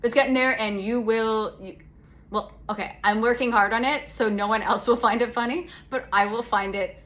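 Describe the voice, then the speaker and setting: A woman's voice: fairly high pitch, fairly even intonation, normal speed, a bit bright. Chatty sarcastic Canadian woman host. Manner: chatty, sarcastic, rambling with self-corrections. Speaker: podcast host. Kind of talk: casual solo chat. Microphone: phone.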